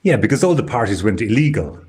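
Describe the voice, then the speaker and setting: A man's voice: fairly low pitch, big pitch swings, quick pace, darkish tone, slightly rough. A man from Ireland co-hosting a live stream, chatting in a wry, storytelling way. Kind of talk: casual live-stream chat.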